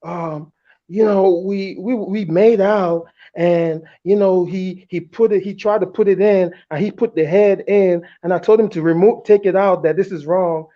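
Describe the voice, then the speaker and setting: A man's voice: high voice, steady tone, a little slow, pitched above the performer's own voice. A man mimicking a flustered young girlfriend. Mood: evasive. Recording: muffled lo-fi audio.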